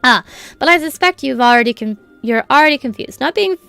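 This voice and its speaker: A woman's voice: high-pitched, expressive, a little fast, creaky, sharp tone, smooth, no room sound, soft background music, voice pushed up, exaggerated voice. A woman reading the lines of a welcoming, long-winded guild lecturer aloud from a game, in a chatty lecturing way.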